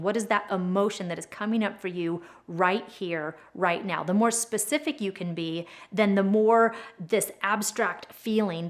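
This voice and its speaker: A young adult woman explaining a tapping technique as an educator, speaking gently and slowing down to stress key words. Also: medium pitch. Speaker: trauma educator and advocate. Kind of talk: instructional explainer video.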